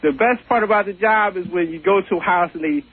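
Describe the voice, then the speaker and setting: A man's voice: high-pitched, fairly quick, breathy edge. A man calling in to a radio show, talking in a laid-back, slangy, plain-spoken way. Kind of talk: casual radio chat. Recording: tinny phone line.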